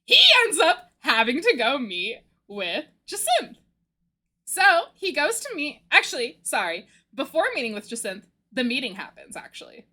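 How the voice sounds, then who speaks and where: Bubbly, excitable young woman streamer. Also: high voice, moderate pace. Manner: excitable, gushing, laughs and squeals often. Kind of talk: casual chat recapping a story.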